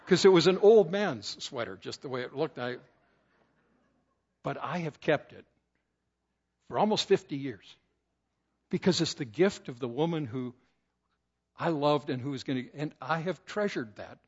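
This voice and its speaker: A man's voice: on the high side, highs cut off. An older man preaching a sermon, telling stories and quoting scripture with rising emphasis. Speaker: pastor.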